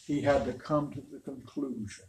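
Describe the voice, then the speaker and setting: A man's voice: mid-range voice, fairly even intonation, moderate pace. An older man, a pastor, preaching a storytelling sermon in a folksy, rambling, emphatic way. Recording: roomy, distant, faint noise.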